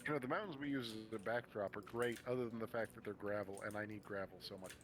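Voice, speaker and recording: A man in casual gameplay chat with friends, relaxed and rambling as he thinks aloud. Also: on the low side, fast. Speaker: game streamer.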